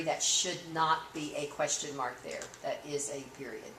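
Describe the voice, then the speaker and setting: A woman's voice: low voice, expressive, sharp tone, a little hiss or hum. Woman dictating punctuation aloud, echoey. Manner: measured dictation, then explaining points. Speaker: court reporting instructor.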